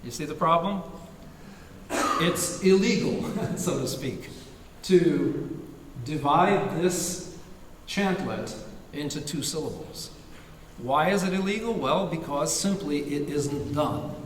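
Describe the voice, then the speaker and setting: A man giving an academic lecture, halting with fillers and restarts, now and then singing a short chant phrase. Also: fairly high pitch, animated, slight background noise. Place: lecture hall. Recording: echoey hall recorded from far off.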